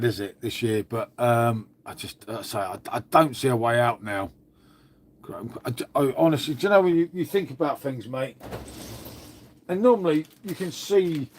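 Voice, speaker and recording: A man, from England, hosting a casual live stream, rambling and swearing, calling everyone "mate". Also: medium pitch. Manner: rambling, swears a lot, says "mate" constantly. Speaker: livestream host.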